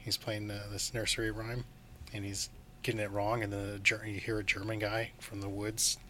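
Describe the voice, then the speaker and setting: A man's voice: on the low side, level tone, sharp tone, slight background noise. Enthusiastic man gushing about a film. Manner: enthusiastic, laughs often, acts out scenes in quick voices. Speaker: podcast co-host. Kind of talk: casual film discussion.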